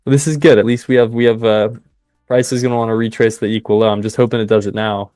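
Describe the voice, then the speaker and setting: Excitable man calling live trades. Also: on the low side, fast, dry recording, clean studio sound, soft background music. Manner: excitable, chatty, cheers at the market. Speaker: live trading stream host. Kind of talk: live trading commentary with chat.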